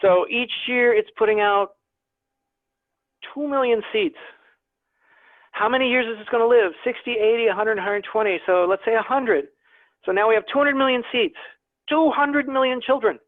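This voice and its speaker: A man with a high voice gives a guest lecture on desert plants over a video call. He talks in a chatty way, often repeats himself, and jokes at his own expense. The audio is tinny and phone-like, with a dry sound and no room echo. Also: moderate pace, pauses often. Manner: chatty, self-deprecating humor, repeats words. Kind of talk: online lecture to a naturalist club.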